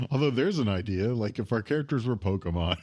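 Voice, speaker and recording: A man's voice: mid-range voice, animated, fairly quick, a little mellow. Laid-back joking male podcast host. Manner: joking, laughs often. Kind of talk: casual chat.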